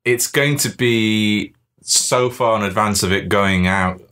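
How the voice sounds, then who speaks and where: A man's voice: fairly low pitch, takes it slowly, sharp tone. A man co-hosting a casual comedy podcast, announcing upcoming shows in an upbeat way. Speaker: podcast co-host.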